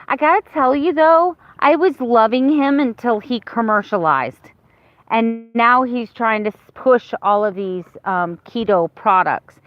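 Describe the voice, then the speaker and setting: A woman's voice: mid-range voice, no room sound, lo-fi sound. A woman in her fifties talking candidly to her viewers in a casual, rambling vlog. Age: 50s. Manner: candid and rambling, with many restarts. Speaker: vlogger. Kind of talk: casual chat to camera.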